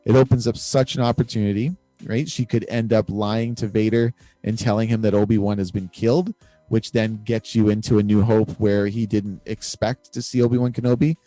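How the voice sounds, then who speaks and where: A man talking through ideas on a casual fan show, leaning on fillers and quick laughs. His voice sits low and sounds close and dry. Faint music plays underneath. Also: little pitch movement, dark tone, no echo. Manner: rambling, laughs often, lots of fillers. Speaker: podcast co-host.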